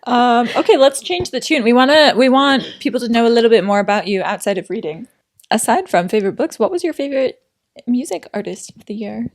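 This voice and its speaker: A woman's voice: fairly high pitch, lively intonation, a little fast, dry recording, clean studio sound. A woman co-hosting a podcast in casual chat, gushing and upbeat, often laughing. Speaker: podcast co-host.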